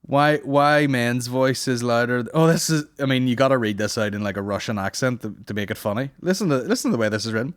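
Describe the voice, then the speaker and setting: A man's voice: medium pitch, a little fast, few pauses, no echo, clean studio sound. Crude rambling male podcast host. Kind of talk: casual comedy podcast banter.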